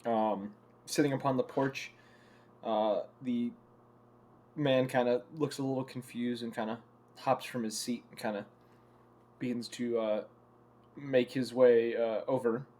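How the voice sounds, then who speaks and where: A young man narrating a tabletop game as game master, pausing often with fillers and restarts. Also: mid-range voice, steady tone, dark tone. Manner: halting, many fillers and restarts.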